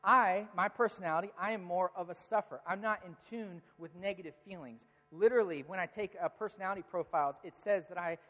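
High-voiced pastor in a big echoing hall. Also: male voice. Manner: storytelling, animated when quoting his kids. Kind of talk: sermon. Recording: long reverb of a large hall.

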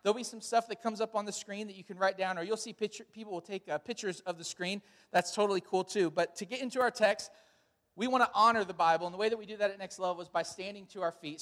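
A man's voice: high voice, sharp tone. A middle-aged man as pastor, giving church announcements and a sermon in a casual, storytelling way with frequent fillers. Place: large church hall. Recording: church hall with long reverb.

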